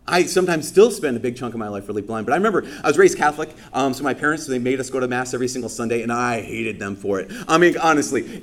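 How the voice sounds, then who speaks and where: Casual, lively male priest preaching. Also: mid-range voice. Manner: casual and lively, full of fillers, acts out people's reactions in quoted asides. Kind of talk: conversational sermon. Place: church during Mass.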